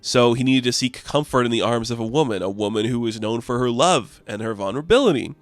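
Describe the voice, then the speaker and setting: A man's voice: medium pitch, quick pace, dry recording. A man casually recapping a comic book issue, chatty and enthusiastic.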